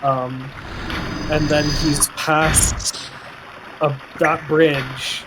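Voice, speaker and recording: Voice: mid-range voice, flat delivery, very slow, background noise. A friend on a game stream giving directions hesitantly, with lots of ums. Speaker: friend guiding the player. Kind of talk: casual stream chat.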